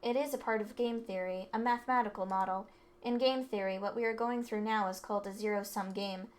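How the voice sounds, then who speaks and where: A woman reading a calm, analytical teenage girl explaining things in measured tones. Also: mid-range voice, close to an everyday voice. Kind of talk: reading game dialogue aloud.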